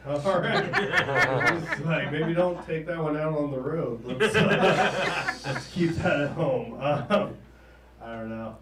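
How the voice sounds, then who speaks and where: A man in his thirties from the American South doing a stand-up set, halting and trailing off, often chuckling at his own jokes. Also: fairly high pitch, lively intonation, very noisy. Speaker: stand-up comedian. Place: comedy stage in a small room. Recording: roomy, distant live room recording.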